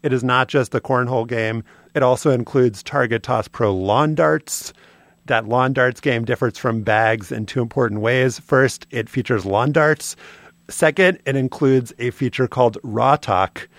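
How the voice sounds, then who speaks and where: A man's voice: mid-range voice, measured pace, fairly bright tone, no room sound. A man co-hosting a podcast, telling a prepared story in a dry, wry way. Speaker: podcast co-host. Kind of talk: casual chat, reading a prepared segment.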